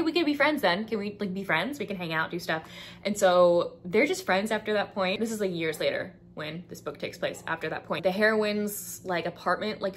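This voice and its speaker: A woman's voice: lowish voice, slight background noise. A young woman, casually recommending books as a vlogger, chatty and full of fillers, acting out characters' lines. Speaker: book vlogger.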